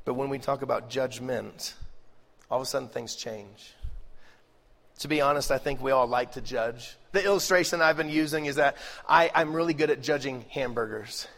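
A middle-aged male pastor preaching a lively, joking sermon, swinging between loud bursts and hushed asides. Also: mid-range voice, normal speed, gravelly. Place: large church hall. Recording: live sermon with long hall reverb.

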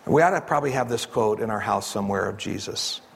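Conversational pastor preaching in a reverberant hall. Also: male voice, fairly low pitch, fast talker, creaky, breathy edge. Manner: conversational storytelling preacher, acts out quotes. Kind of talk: sermon.

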